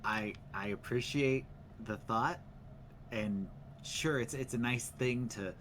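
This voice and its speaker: A man playing a tabletop game, speaking in a hesitant, halting way. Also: mid-range voice, fairly bright tone, poor audio. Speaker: player. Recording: light background noise.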